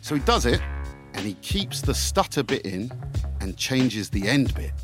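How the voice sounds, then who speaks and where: A man's voice: medium pitch, sing-song, measured pace, over music. A middle-aged man, a podcast guest, telling anecdotes with gusto, swearing freely and acting out the scenes he describes.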